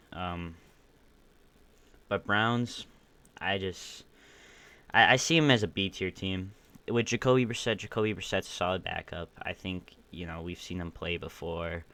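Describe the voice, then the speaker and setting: A man's voice: deep voice, fairly bright tone, smooth. A young man hosting his own podcast stream, rambling casually with opinionated takes, a bit groggy and burping. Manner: rambling, opinionated, many restarts. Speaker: podcast host ranking football teams. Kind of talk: casual solo stream commentary.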